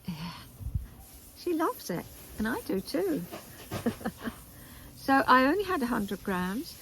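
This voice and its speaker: Older woman, knitting vlog host, slow and rambling, garden chat with faint background. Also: sits high, very animated, fairly bright tone, slight background noise, rough recording. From England. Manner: chatty and meandering, with asides and pauses. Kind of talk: casual chat to camera. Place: garden, outdoors.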